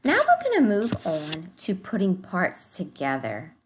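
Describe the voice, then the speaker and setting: A woman teacher giving a recorded math lesson to young children, slow and encouraging, speaking straight to the kids. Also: fairly low pitch, wildly swooping pitch, noisy background.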